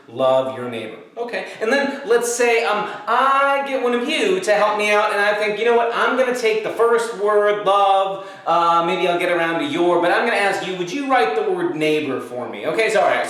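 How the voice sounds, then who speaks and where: High-voiced pastor in an echoey room. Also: male voice, fairly bright tone. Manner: playful storytelling, acting out both sides. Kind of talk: children's Sunday school lesson. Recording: very echoey room, mic far off.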